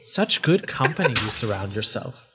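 A bodiless female voice speaks out of the void in a tabletop game, gloating and mocking in a middle-pitched tone, as a man plays her. She relishes every bit of suffering she hears about. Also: big pitch swings, normal speed, noisy background, lightly acted. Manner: taunting, relishing others' pain. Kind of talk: tabletop role-play voice acting.

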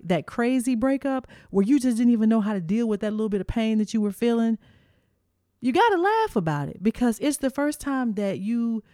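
A middle-aged woman hosting, telling a personal story in a lively, animated way and acting out the voices of the people in it. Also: mid-range voice, no echo, studio quality. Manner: animated, acts out quotes, addresses listeners as y'all. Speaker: host.

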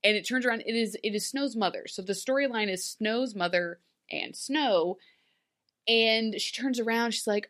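Animated woman recapping with playful voices. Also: on the high side, moderate pace. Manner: animated, acts out scenes in voices, laughs often. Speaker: podcast co-host. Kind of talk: casual recap chat.

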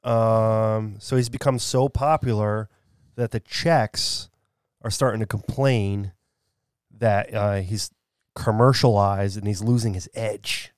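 A man's voice: fairly low pitch, fairly even intonation, slow, clean tone, dry recording. Guy rambling on a podcast, lots of likes and you knows, dry close sound. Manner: rambling storyteller, lots of filler words. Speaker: podcast co-host. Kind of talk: casual chat.

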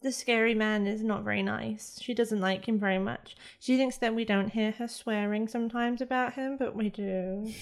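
A woman's voice: a little high, steady tone, normal speed, hardly any pauses, lightly acted. Woman doing an eager little kid. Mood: earnest. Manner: breathless, gasping, wide-eyed questions. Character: curious excitable young boy.

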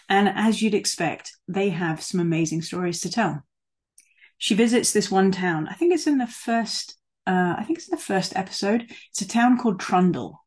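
A woman's voice: mid-range voice, darkish tone, slightly rough. A woman preaching a sermon in a conversational way, with fillers and asides, and leaning hard on words she stresses.

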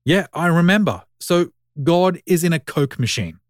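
A man's voice: on the high side, lively intonation, moderate pace, dry recording, voice pushed up, lightly acted. Pete, a glum, baffled everyman in a storybook reading, as a male narrator puts him on. He asks his questions in a slightly raised, hesitant voice. The sound is close and dry.

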